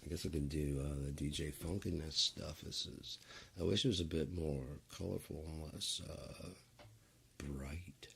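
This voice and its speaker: A man with an extremely low voice full of gravelly fry talks in a loose, rambling way. He drawls and swears freely. His sentences wander off and restart. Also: a little fast, a little hiss or hum. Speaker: streamer. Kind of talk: rambling casual monologue.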